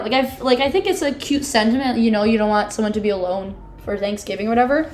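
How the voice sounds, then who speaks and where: A woman's voice: on the high side, fast, few pauses, darkish tone, faint music behind. A woman in her twenties co-hosting a podcast, summarizing a book in casual chat, full of "like" and dramatic reactions. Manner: chatty, peppered with "like", dramatic disgust reactions. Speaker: podcast co-host.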